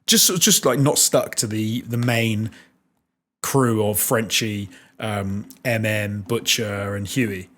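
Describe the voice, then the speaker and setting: A man's voice: on the low side, slow pace, a bit bright. A British man hosting a podcast, chatting frankly and laughing often. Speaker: podcast host. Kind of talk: casual chat.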